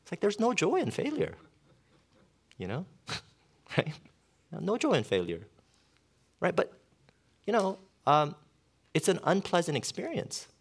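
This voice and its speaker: A man's voice: sits high, huge pitch swings, a little slow, gravelly, pauses often. A middle-aged male pastor preaching a sermon in a conversational way, with lots of fillers and storytelling.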